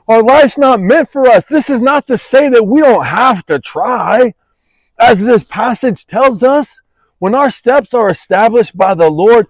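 Guy preaching a devotional real slow and fired up, says y'all a lot, high voice that jumps around. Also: animated, dry recording, poor audio. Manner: impassioned, repeats phrases, says y'all. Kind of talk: fervent devotional sermon.

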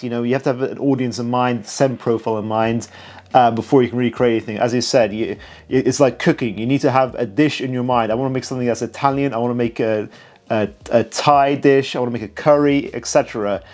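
A man's voice: mid-range voice, darkish tone. A tired man giving casual, chatty reaction commentary as a perfume reviewer, enthusiastic and self-mocking. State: tired late at night.

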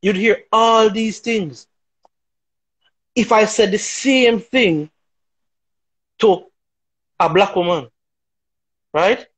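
A man speaks as a talk show guest, his voice pitched high with a husky edge. He argues his views emphatically, piling up rhetorical questions. The delivery is opinionated and forceful. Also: very slow, pauses often, rough recording. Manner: emphatic, rhetorical, keeps asking "right?".

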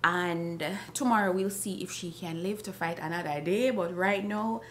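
A woman chatting casually in a travel vlog. She sounds husky and tired after just waking up. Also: fairly low pitch, moderate pace, a bit bright, a little hiss or hum. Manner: chatty, shows items to camera. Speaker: vlogger.

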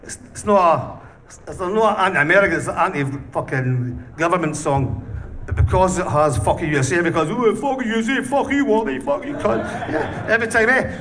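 A punk band singer tells rowdy stories in a casual interview, swearing constantly and breaking into laughter. His voice sits high and a bit bright, recorded on a distant mic with faint background noise.

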